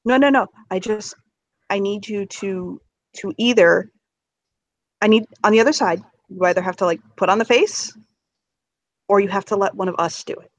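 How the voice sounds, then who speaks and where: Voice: medium pitch, moderate pace, pauses often, dry recording. A tabletop game player speaking earnestly in character, hesitant, restarting sentences and checking in with "okay?".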